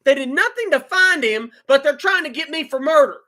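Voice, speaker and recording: A man telling a personal story in an emotional monologue, agitated, repeating words and swinging between loud outbursts and low muttering. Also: expressive, a little fast. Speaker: vlogger telling his own story.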